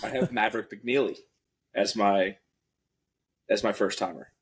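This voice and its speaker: A man's voice: on the low side, a little slow, breathy edge. A man co-hosting a casual sports podcast, easygoing as he talks through his picks. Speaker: podcast co-host.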